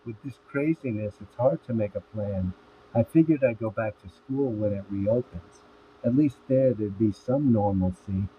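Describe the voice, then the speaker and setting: A man reading the lines of a worried, frank teenage girl in a plain, even voice. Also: on the low side, moderate pace, natural voice. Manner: reads each line in a plain, even voice. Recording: tinny phone-like audio with faint hiss.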